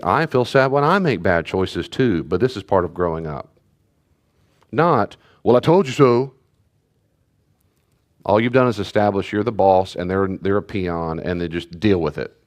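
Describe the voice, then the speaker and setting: A middle-aged man, a pastor, teaching parents in a conversational way, repeating key phrases and acting out parent and child voices. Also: sits low. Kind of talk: teaching talk to a church group.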